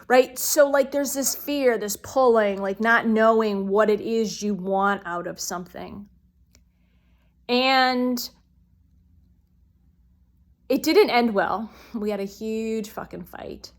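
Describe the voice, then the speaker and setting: A woman vlogs straight to her viewers, speaking with open candor. She swears freely and sinks to a near-hush at the heavy parts. Her voice sits at an ordinary mid pitch. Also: unhurried. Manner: blunt, swears freely, drops to a hush at low points. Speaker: vlogger. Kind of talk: candid personal vlog.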